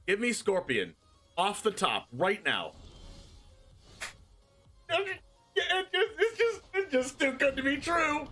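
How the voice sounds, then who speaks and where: A young man streaming a card game, excitable, yelping, laughing and shouting at his plays. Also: very high voice, slow pace, long pauses. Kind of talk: live gameplay commentary. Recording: faint music behind.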